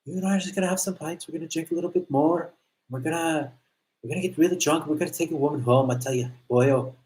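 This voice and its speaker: A man's voice: fairly high pitch, fast, darkish tone, pitched above the performer's own voice, natural voice. A man voicing a drunk young Canadian man who slips into an Irish accent, rowdy and boastful. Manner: boisterous, rowdy, pub bragging. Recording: roomy echo.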